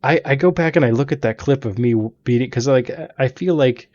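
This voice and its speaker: A man's voice: medium pitch, a little fast, darkish tone, no room sound, highs cut off. A man hosting a let's play, telling long stories about beating game bosses in a chatty, rambling way from his home gaming room. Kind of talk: casual gaming commentary.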